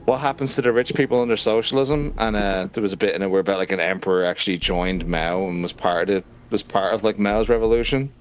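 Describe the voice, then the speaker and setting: A man's voice: fairly low pitch, steady tone, fast, hardly any pauses, slight background noise. An Irish man streaming and chatting casually with friends on a voice call, dry and joking, swearing casually. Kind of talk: casual chat over voice call.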